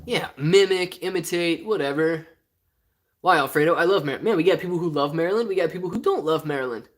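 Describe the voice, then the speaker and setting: A man's voice: on the high side, fast talker. A man from Ohio hosting a casual live stream, reading viewer comments aloud in a rambling, joking way and often laughing. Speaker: stock livestream host.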